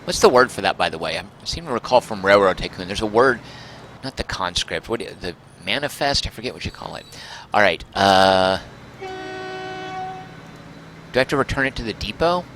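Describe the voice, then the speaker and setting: A man's voice: on the low side, very animated, normal speed, pauses often, pushed and bright, a little hiss or hum. A man streaming a game, chatting and muttering to himself, mildly exasperated with the controls. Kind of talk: casual game livestream commentary.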